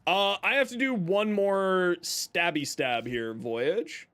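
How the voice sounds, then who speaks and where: A man's voice: high voice, slow pace, a bit bright. A man streaming a game live, chatting casually and jokingly with his viewers. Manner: chatty, joking, talks to chat and his cat. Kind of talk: casual livestream chat while gaming.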